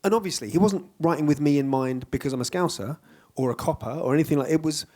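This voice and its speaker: An actor speaking in a casual onstage Q&A, chatty and self-deprecating, often breaking into laughter. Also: male voice, a little high, quick pace, darkish tone. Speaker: actor guest on a panel.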